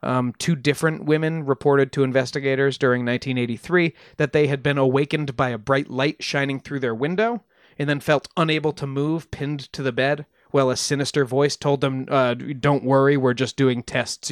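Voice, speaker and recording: A man's voice: medium pitch, steady tone, fairly quick, smooth, dry recording, studio quality. A man on a podcast casually retelling a story he has researched, with frequent ums and restarts. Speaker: podcast host presenting research.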